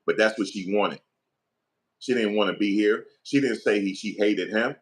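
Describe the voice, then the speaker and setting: Middle-aged new guy ranting hard, emphatic and profane, kinda low voice. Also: moderate pace. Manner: emphatic, profane, repetitive, animated rant. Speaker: commentator. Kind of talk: heated opinion commentary.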